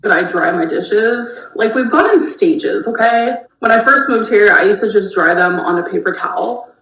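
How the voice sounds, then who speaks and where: A woman's voice: mid-range voice, animated, normal speed, a bit bright. A woman vlogging casually to camera, rambling through everyday updates and product recommendations. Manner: chatty, rambling product talk. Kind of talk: casual vlog chat. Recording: roomy with faint noise.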